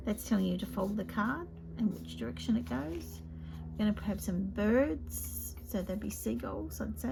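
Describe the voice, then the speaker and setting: Brief: woman craft demonstrator, chatty, slips into soft half-whispers, noisy home recording. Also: medium pitch, creaky. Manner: chatty, often drops to a soft half-whisper while working. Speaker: papercraft demonstrator.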